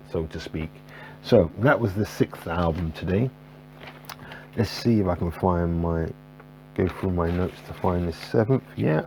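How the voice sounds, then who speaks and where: A man with a deep, dark-toned voice talks casually to camera about his jazz record collection, rambling with lots of fillers and restarts. The recording is rough, with a faint electrical buzzing hum.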